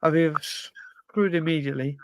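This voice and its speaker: High-voiced English man, swearing through a quiz. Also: normal speed, a little hiss or hum. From England. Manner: swears freely, blurts answers, talks to himself. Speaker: podcast co-host. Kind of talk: casual chat while playing a football quiz.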